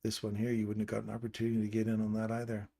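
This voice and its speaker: Low-voiced man explaining trading charts. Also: monotone, rapid-fire, gravelly, warm tone. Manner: casual, explanatory, pointing at chart levels. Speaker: trading stream host. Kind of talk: live trading chart walkthrough.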